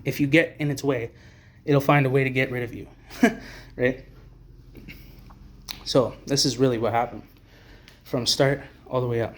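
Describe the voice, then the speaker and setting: A man's voice: medium pitch, fairly even intonation, moderate pace, pauses often. A man delivering a profane, blunt, rambling to-camera rant as an advocate for homeless people. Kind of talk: ranting to-camera monologue.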